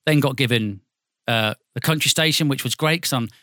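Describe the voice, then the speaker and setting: A man's voice: mid-range voice, a little fast, no echo, clean studio sound. A man with a Northampton accent, a radio presenter, telling stories animatedly in a casual interview and swearing freely. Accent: Northampton English. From England. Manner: animated storyteller, acts out voices, swears freely.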